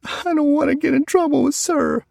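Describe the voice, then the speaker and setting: A man's voice: very high voice, moderate pace, vocal fry, darkish tone, no echo, clean studio sound, recorded from a distance, voice pushed up, full character voice. A man voicing a frightened little girl who bawls and whimpers in an audiobook. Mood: bawling. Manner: bawling, whimpering.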